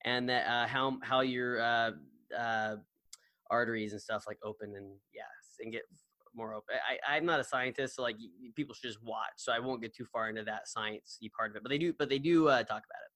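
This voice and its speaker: This man co-hosts a podcast, rambling through casual chat with plenty of fillers and restarts. His mid-range voice is brisk, bright and forceful, and the recording is dry.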